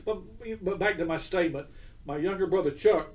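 An earnest older man speaks as an interview guest, his voice a little high for a man. He sounds set back from the microphone. He restarts his sentences and checks in with the listener as he tells an emotional story. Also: a little fast, recorded from a distance. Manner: earnest, emotional, repeats himself, asks listener "okay?".

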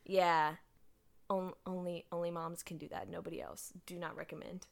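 A woman's voice: lowish voice, level tone, normal speed, creaky. A woman co-hosting a casual podcast. She talks in a chatty way, uses lots of fillers and laughs easily. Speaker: podcast co-host. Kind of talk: casual chat.

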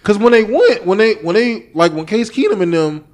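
A man hosting a podcast in casual chat, telling a story with lively energy, acting out what he and others said, and swearing freely. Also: high-pitched, normal speed. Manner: animated storytelling, acting out his own past lines, swearing freely. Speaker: podcast host.

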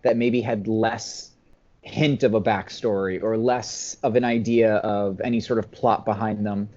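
A man's voice: fairly low pitch, fairly even intonation, unhurried, darkish tone, dull audio. A man talking through a film as a podcast guest in a rambling, hesitant way, often correcting himself. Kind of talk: casual film discussion.

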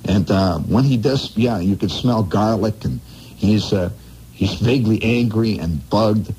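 Man, radio host, wry rambling monologue, deep, mellow, lively pitch, faint hiss. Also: measured pace, breathy edge, rough recording. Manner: wry, conversational, swooping between low mutter and high exclamation.

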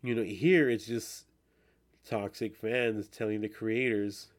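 A man's voice: fairly low pitch, fairly even intonation, takes it slowly. Casual, swearing podcast man. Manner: rambling, swears a lot, restarts often. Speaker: podcast host. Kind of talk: casual chat.

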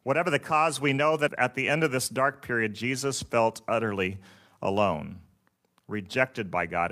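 Guy preaching, slow solemn scripture reading, mid pitch voice. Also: bright, forceful tone. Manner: slow, solemn, measured delivery. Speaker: pastor.

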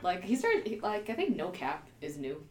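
A woman's voice: lowish voice, huge pitch swings, moderate pace, darkish tone. A young American woman from Maryland, co-hosting a podcast in casual chat, giggly and full of "like" and "um". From Prince George's County, Maryland, USA. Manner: giggly, lots of "like" and "um". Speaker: podcast co-host. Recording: echoey room with faint background noise.

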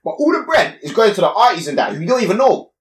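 A young man, co-hosting a podcast and telling stories in animated slang. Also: high-pitched, fast. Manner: animated slang-heavy storytelling, repeats "exactly". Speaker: podcast co-host. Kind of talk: casual chat. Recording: echoey room, voice a bit off-mic.

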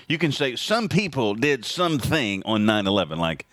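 A man hosting his own podcast, talking casually and sarcastically in an animated opinion monologue from home. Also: moderate pace, few pauses, no room sound, clean studio sound. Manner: animated, sarcastic, jumps high in pitch for emphasis. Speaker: podcast host.

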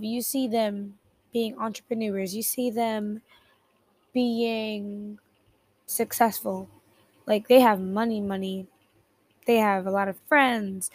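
A teenage girl hosts a podcast from her bedroom, chatting casually at her computer while rambling, giggling and correcting herself. Her voice is medium-pitched with no room sound, picked up by headphones at the computer keyboard.

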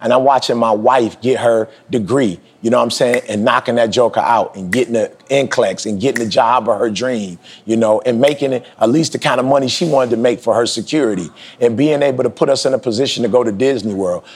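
Man, forties, husky voice, emphatic, slangy, preachy motivational talk, pitch spikes for emphasis. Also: a little fast, few pauses. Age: 40s. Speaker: podcast host.

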